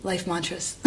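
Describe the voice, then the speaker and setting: In a candid documentary interview, this young New York art student comes across as irreverent and self-deprecating, with frequent laughter and casual swearing. Her voice sits high.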